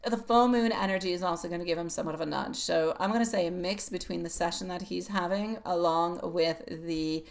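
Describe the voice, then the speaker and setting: A woman's voice: fairly low pitch, a little fast, vocal fry, few pauses. A middle-aged woman giving a live-stream tarot reading, chatty and affectionate, laughing often as she greets viewers. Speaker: tarot reader.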